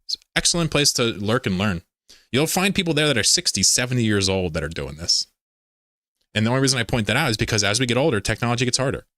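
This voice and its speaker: A man's voice: medium pitch, big pitch swings, fast, a bit bright, dry recording, studio quality. A man hosting a casual livestream, rambling, laughing often and reading chat messages aloud. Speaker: livestream host.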